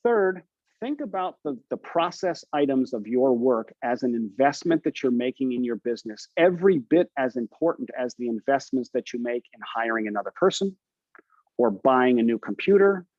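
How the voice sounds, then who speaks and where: A man's voice: medium pitch, animated, normal speed, darkish tone, dry recording, dull audio. A man coaching real estate agents on a group video call, encouraging them and asking them questions. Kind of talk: coaching session talk.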